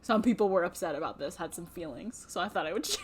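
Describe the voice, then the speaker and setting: A woman's voice: lowish voice, fast, slight background noise. A woman co-hosting a podcast in casual chat, rambling and hedging with lots of fillers. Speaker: podcast co-host.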